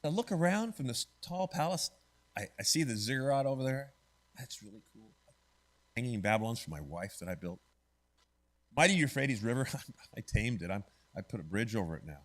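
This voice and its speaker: A man's voice: mid-range voice, sing-song, brisk. A man voicing a boastful ancient king who muses smugly on his own greatness. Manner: smug, self-admiring musing.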